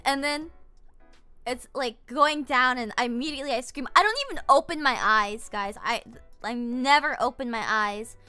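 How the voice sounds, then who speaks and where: Woman streamer, high-pitched, bright tone, rambling casual chat, giggly, faint music behind. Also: moderate pace, clean tone. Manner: rambling and giggly, full of fillers. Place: home streaming setup.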